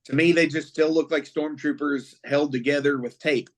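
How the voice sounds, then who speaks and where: A man co-hosting a podcast, chatting casually with a profane, excitable fan's rambling. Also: fairly high pitch, moderate pace. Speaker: podcast co-host. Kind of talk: casual chat.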